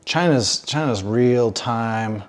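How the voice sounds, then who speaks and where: A man's voice: medium pitch, takes it slowly. Rambling, cursing man in casual chat. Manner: rambling, animated, swears often. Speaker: podcast co-host.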